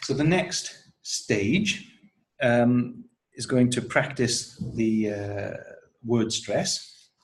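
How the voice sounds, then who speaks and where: A man's voice: medium pitch, lively intonation, breathy edge, low-quality recording. A man acting as a teacher trainer, walking through a training manual step by step with frequent ums. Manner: slow, explanatory, with frequent ums and uhs. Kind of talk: instructional walkthrough of a training manual.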